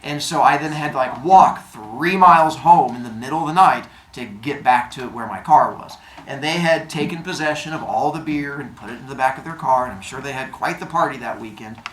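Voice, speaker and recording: A man telling a personal story in a casual way, acting out the other people's lines in an animated manner. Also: mid-range voice, brisk, hardly any pauses. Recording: roomy echo, faint noise.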